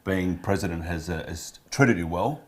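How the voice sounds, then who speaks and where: A man's voice: low voice, normal speed. A man hosting a cooking segment, narrating and teasing his guest playfully. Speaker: show host. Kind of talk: upbeat show narration and chat.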